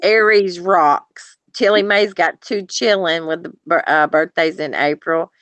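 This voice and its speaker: A woman's voice: deep voice, moderate pace, no echo. A woman, joking and talking to viewers by name on a live stream. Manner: warm, joking, talks to chat viewers by name. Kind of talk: casual live-stream chat.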